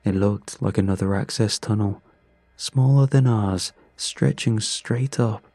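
A man giving scripted horror narration in a slow, measured, grim first-person telling. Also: fairly low pitch, darkish tone, dry recording, faint music behind.

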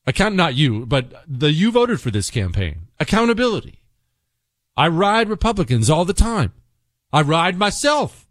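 Sarcastic talk radio host, dry close mic. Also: male voice, on the high side, sing-song, normal speed, fairly bright tone, dry recording. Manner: sarcastic, emphatic, repetitive ranting. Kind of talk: opinionated talk radio monologue.

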